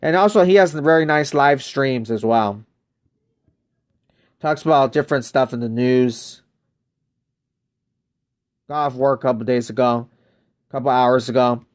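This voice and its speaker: A man's voice: mid-range voice, a little slow, long pauses. An American man chatting casually on a live game stream, greeting viewers by name and wandering through loose, rambling asides. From United States.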